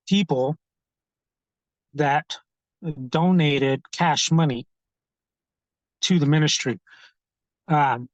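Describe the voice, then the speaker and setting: A man telling his own story in an interview, earnest and halting, often repeating words as he searches for what to say. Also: fairly high pitch, no room sound, rough recording. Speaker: street ministry founder.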